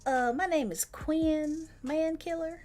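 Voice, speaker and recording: A woman's voice: sits high, takes it slowly, dark tone, faint music behind. A woman playing a tabletop role-playing game over a voice call, giggly and hesitant as she describes her character. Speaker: player. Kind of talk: casual tabletop chat.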